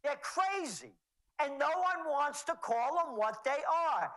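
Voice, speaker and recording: A man's voice: very high-pitched, very animated, unhurried, sharp tone, rough recording. A man being interviewed as a trends forecaster, talking in a sarcastic, mocking way. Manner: sarcastic, mocking, rattling off names. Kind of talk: interview commentary.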